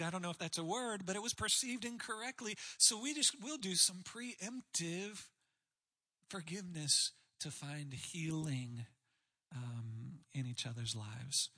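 Bright, breathy-voiced male preacher. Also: high voice, a little slow. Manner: candid, self-deprecating, conversational. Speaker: pastor speaking on marriage. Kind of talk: sermon.

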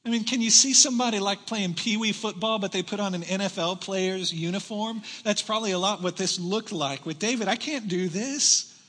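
A man preaching a sermon in a church, animated and joking with the congregation as he goes. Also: high voice, brisk, few pauses, big-room sound. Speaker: pastor. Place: church hall.

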